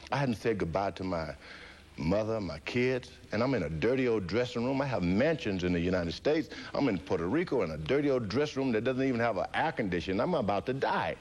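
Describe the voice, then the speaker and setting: A man, an interview guest, telling his life story with animated delivery, acting out voices and laughing often. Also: on the low side, brisk.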